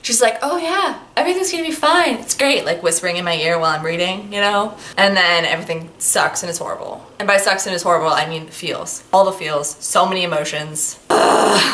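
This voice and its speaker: A woman's voice: fairly low pitch, brisk, hardly any pauses, a bit bright, a little hiss or hum. A woman reviewing a book in a casual vlog, gushing and chatty, with lots of filler words.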